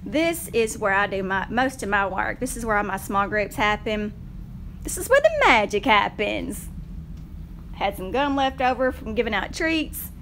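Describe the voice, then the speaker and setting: A woman's voice: medium pitch, normal speed, hardly any pauses, a bit bright, slight background noise. A woman, a teacher chatting casually and a little nervously on a livestream from her classroom, greeting viewers by name.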